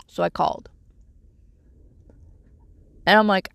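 A woman's voice: mid-range voice, steady tone, normal speed, creaky, pauses often, dry recording. A middle-aged woman vlogging casually, telling a rambling, exasperated story about her troubles. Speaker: vlogger living in her vehicle. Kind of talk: casual chat.

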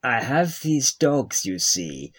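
A man's voice: mid-range voice, sing-song, slow, fairly bright tone, husky, heavily acted. A man doing a boastful scientist. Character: excitable Russian scientist, pompous and proud.

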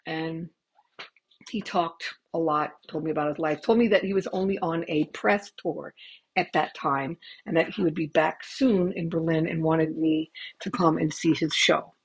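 A woman's voice: lowish voice, breathy edge, low-quality recording. A middle-aged woman telling stories casually into a headset microphone as a podcast host, chatty and swearing, with laughing asides. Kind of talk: casual storytelling.

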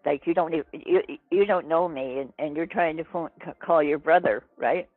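A man's voice: on the high side, normal speed, dry recording. Guy on the phone losing patience, polite at first, dry tinny line. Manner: polite but growing exasperated. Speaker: caller on the phone. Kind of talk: phone call.

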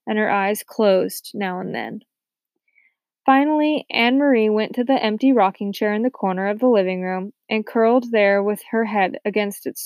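A woman's voice: medium pitch, darkish tone, dry recording. Woman narrating a novel, dry close sound. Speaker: audiobook narrator. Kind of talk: scripted narration.

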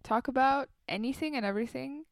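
A woman's voice: high voice, fairly quick, vocal fry, dry recording. A nineteen-year-old woman co-hosting a podcast in casual chat, swearing lightly and trailing off with fillers. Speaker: podcast co-host.

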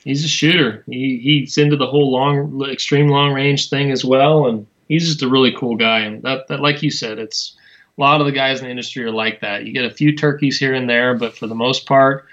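Bright-voiced enthusiastic man, lo-fi sound. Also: medium pitch, fairly even intonation. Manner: enthusiastic, halting with fillers. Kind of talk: casual chat.

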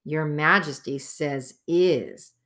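Casting: blustering male dwarf warrior, read by a woman, raised and loud for her, bright forceful tone. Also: low voice, slow, full character voice. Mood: argumentative. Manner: excitable, exclaiming, argumentative. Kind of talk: audiobook character voice.

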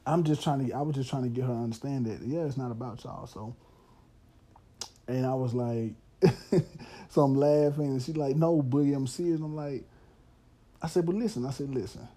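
Dark-voiced candid man in his thirties. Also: medium pitch, normal speed, pauses often, breathy edge. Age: 30s. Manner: loose and candid, with frequent laughs and filler like "man". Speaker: podcast host. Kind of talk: casual storytelling monologue.

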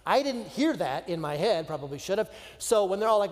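Speaking in a high voice at a quick clip, this middle-aged man from Florida is a pastor delivering a sermon built around a personal story. He animatedly voices his panicked thoughts as quoted asides, and a big hall's lingering reverb fills the recording.

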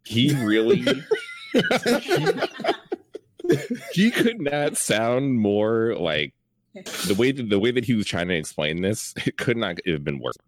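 A man's voice: on the low side, very animated, measured pace, long pauses, noisy background. A man in a casual group call, blunt and teasing, laughing at the others. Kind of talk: casual chat.

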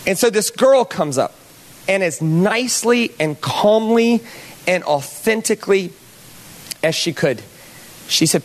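Conversational pastor, fairly high-voiced man. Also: expressive, unhurried, long pauses. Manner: conversational, asks the audience questions. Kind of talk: sermon storytelling.

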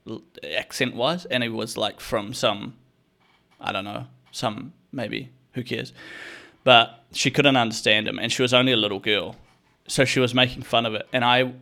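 A man's voice: medium pitch, a bit bright. A young man telling a story in a casual, comedic rant, swearing freely, full of slang and calling the listener bro.

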